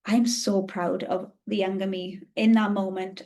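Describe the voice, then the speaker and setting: A woman's voice: mid-range voice, flat delivery, a little slow, mellow, slight background noise. A woman in her thirties, a podcast host telling a personal story in a candid, confessional and emotionally open way.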